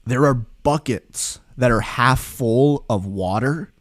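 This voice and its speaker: A man hosting a podcast, telling a casual story in an animated, laughing and profane way. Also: mid-range voice, takes it slowly, dry recording, studio quality. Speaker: podcast host.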